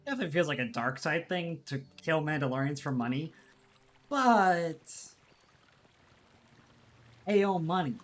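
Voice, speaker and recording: A woman's voice: deep voice, very animated, moderate pace. A woman streamer giving casual, rambling commentary while playing a game, giggling often and swearing freely.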